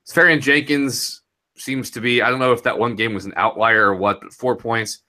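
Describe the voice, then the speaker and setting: A man's voice: medium pitch, fairly even intonation, moderate pace, pushed and bright. A young man talking casually and rambling a bit as he recaps a fantasy football week, laughing easily. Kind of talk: casual podcast chat.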